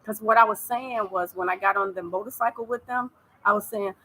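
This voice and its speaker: A woman's voice: a little high, fairly quick, fairly bright tone, husky, rough recording. An American woman giving casual advice in a vlog, chatty and repetitive, laughing easily. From United States. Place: living abroad in East Africa.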